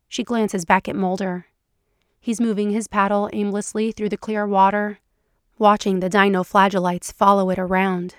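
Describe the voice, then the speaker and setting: A woman podcast host reading fan fiction aloud in a soft, intimate storytelling voice. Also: medium pitch, flat delivery, moderate pace, clear, resonant tone, no room sound, clean studio sound. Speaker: podcast narrator.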